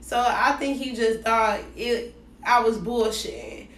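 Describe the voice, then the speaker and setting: A woman telling a dating story in a casual, slangy, animated way, acting out both sides of the conversations. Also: on the high side, measured pace, far from the mic. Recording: roomy echo, voice set back from the mic.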